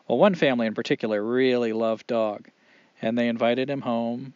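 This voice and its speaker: Expressive male oral storyteller, dramatic pauses; dull, dry lo-fi recording. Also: medium pitch, no room sound.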